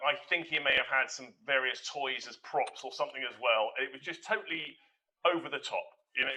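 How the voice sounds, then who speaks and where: Man, piercing bright tone, casual anecdote, rambling, animated. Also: medium pitch, rough recording. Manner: animated, rambling, acts out quoted voices. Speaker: hospitality manager guest.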